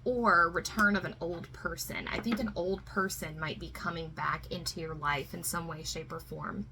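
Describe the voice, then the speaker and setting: A woman's voice: low-pitched, sharp tone, a little hiss or hum, low-quality recording. A woman giving a spiritual tarot reading to viewers, emotional and reassuring, often fighting back tears, with many fillers. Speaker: tarot reader.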